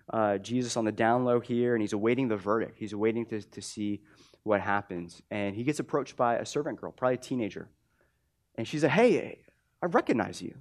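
A male pastor giving a sermon in a conversational style, repeating key phrases for emphasis and often restarting sentences. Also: medium pitch.

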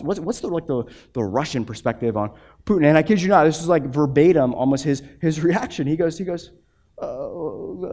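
A man in his thirties preaches a sermon, his voice sitting a little higher than most men's. He is animated and restless, doubling words as he pushes a point and slipping into short acted-out quotes. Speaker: pastor.

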